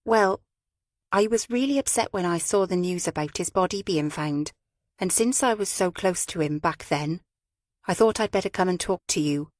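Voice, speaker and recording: A woman's voice: on the low side, no room sound, studio quality, lightly acted. A woman doing an earnest witness with a slight Australian twang. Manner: hesitant, earnest.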